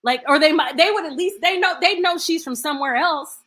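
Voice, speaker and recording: A woman's voice: high-pitched, a little fast, fairly bright tone. Chatty woman hosting a live stream. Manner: chatty, playful, thinks aloud with restarts. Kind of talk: casual live stream commentary.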